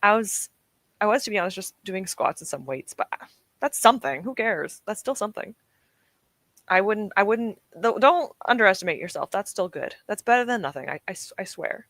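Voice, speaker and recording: A woman's voice: medium pitch, fairly bright tone, no echo. A young woman streaming from home, chatting casually and encouragingly with her live chat, often laughing. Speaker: streamer hosting reading sprints.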